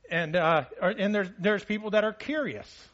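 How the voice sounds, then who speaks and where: A man's voice: high voice, normal speed, a bit bright. Man preaching, repeating words, dull recording. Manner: frequent restarts and repeated words, checks in with listeners. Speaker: pastor. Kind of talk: conversational sermon. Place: church service.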